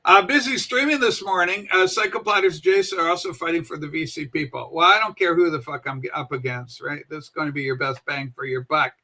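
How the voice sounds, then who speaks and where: A woman's voice: deep voice, brisk, hardly any pauses, bright, forceful tone. A woman in her seventies hosting a livestream show, chatting in a rambling, folksy way and swearing casually.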